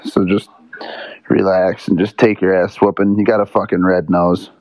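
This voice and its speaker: Brief: low-pitched man, monotone, loud mock-sympathetic put-downs. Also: normal speed, dry recording. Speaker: chat participant.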